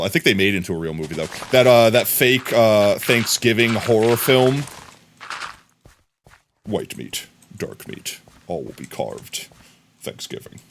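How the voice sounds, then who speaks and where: A man's voice: fairly low pitch, a little hiss or hum. A man live-streaming a game, chatting casually and goofily riffing on silly words as he plays.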